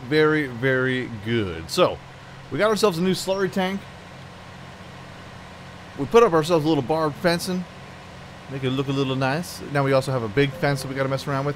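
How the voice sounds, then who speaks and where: A man's voice: medium pitch, lively intonation, brisk, slight background noise. Chatty man commenting on his game. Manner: chatty, talks to himself and the game, jokey asides. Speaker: gameplay commentator.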